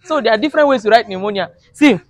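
A comedian delivers a comic monologue to camera in a high, animated, rapid-fire voice. He plays it mock-outraged and pleading, using broken English for laughs.

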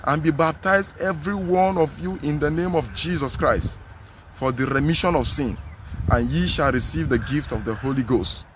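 A man's voice: fairly high pitch, moderate pace, a little hiss or hum. A man with a Nigerian English accent preaching a sermon outdoors, earnest and emphatic, repeating his phrases.

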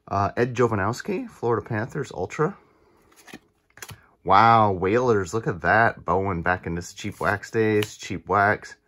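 Husky man opening card packs. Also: lowish voice, unhurried. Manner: excited, chatty, reacts to each card. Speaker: card collecting channel host. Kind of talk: casual pack-opening commentary.

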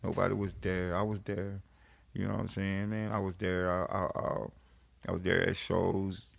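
A man's voice: low-pitched, level tone, moderate pace, gravelly. A man telling stories in a loose, profane street style full of fillers, as an interview guest. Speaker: interviewee, friend of the late DJ. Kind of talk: casual storytelling interview.

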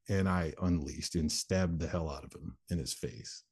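A man speaks as an interview guest, recounting his own life bluntly and without polish, swearing now and then. His voice sits low and dark with a husky, breathy edge. He talks plainly, like someone used to telling this story to a crowd. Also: moderate pace. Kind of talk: candid personal storytelling in conversation.

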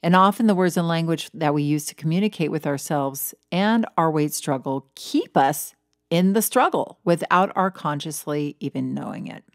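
A woman's voice: deep voice, lively intonation, normal speed, no room sound, studio quality. A middle-aged woman hosting a casual solo podcast as a weight loss coach, chatty and self-deprecating, laughing at herself.

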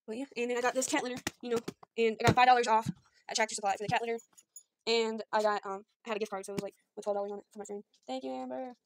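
A woman's voice: a little high, steady tone, racing, a little hiss or hum. A woman rambling casually through a shopping haul at home, filming on a phone. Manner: rambling, chatty, self-deprecating, southern y'all. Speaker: vlogger showing a shopping haul. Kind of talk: casual chat.

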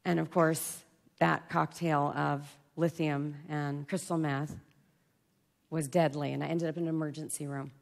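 A woman giving a confessional personal-story talk at a conference, swinging from loud outbursts to hushed near-whispers. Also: low voice, little pitch movement, measured pace, vocal fry. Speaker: conference speaker. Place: conference stage before an audience.

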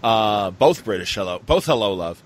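A man's voice: fairly low pitch, lively intonation, moderate pace, rough recording. A man hosting a podcast, chatting casually in a rambling, enthusiastic way with lots of fillers. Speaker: podcast host. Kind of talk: casual chat.

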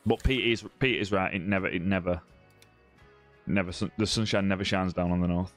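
A man's voice: deep voice, fairly even intonation, a little fast, a bit bright, soft background music. Chatty southern English man on a live game stream. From southern England. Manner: chatty and teasing, many "mate" and "bro" tags, restarts. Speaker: live-stream gamer host. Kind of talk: casual live-stream chat reading viewer comments. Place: home room.

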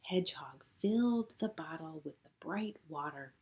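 A middle-aged woman pastor reading a children's story aloud in a gentle storytelling manner. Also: low voice, animated. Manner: gentle, slow, warm storytelling.

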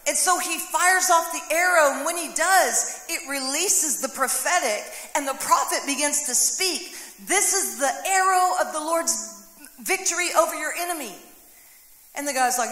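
A woman's voice: sits high, measured pace, a bit bright. A woman pastor preaching a sermon, telling the story with acted voices and humor. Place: church sanctuary. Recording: echoey hall, long reverb.

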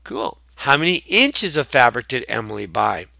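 A man's voice: medium pitch, big pitch swings, normal speed, gravelly, bright, forceful tone, no echo. A man teaching math in a playful, chatty video lesson, joking and chuckling as he works through problems.

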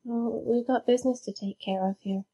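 A woman's voice: fairly high pitch, fairly even intonation, brisk, dark tone, husky. A woman playing a tabletop role-playing game, speaking in a dry, understated way. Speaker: player.

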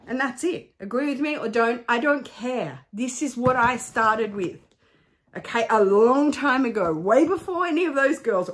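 A middle-aged woman vlogging, talking emphatically and getting heated. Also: on the high side. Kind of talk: candid vlog rant.

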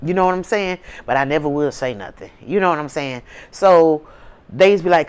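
Low-voiced woman telling a story bluntly. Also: lively intonation, brisk, smooth. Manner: frequent "you know what I'm saying" tag; blunt, profane and conversational. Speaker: advice channel host. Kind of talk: candid personal storytelling.

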